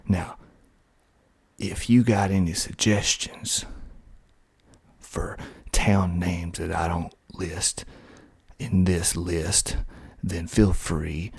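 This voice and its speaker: A man from Georgia with a Southern accent, whispering slowly and softly into a close mic in an ASMR video, with fillers along the way. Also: sits low, steady tone, vocal fry, slightly rough, dry recording. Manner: slow, soft-spoken whispering with fillers. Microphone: close mic, pops on plosives.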